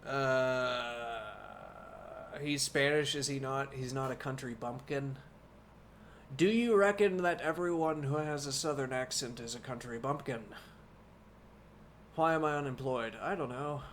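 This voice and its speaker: A man of middle pitch reads an old novel aloud as a bedtime story, taking his time over the lines. He drifts off into relaxed asides to his live audience between passages, with a faint hiss of noise under the voice. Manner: unhurried reading, musing asides to viewers.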